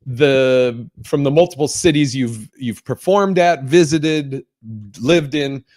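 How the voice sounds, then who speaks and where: A man hosting a podcast, talking loosely and circling around his questions with plenty of fillers and the odd curse. His voice sits at an ordinary middle pitch. The sound is close and dry, with no room around it. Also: slow pace, a little mellow, dry recording. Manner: rambling, filler-heavy, swears casually. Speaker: podcast host. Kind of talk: casual podcast chat.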